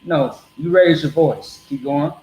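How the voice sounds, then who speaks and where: A man's voice: fairly high pitch, unhurried, dark tone, roomy sound, low-quality recording. A man preaching bluntly to a group in a streetwise, repetitive way.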